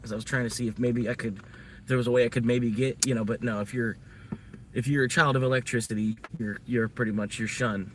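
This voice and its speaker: A man's voice: medium pitch, a bit bright, far from the mic, slight background noise. A man livestreaming a casual, rambling, profane rant about work and money. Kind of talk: casual venting monologue.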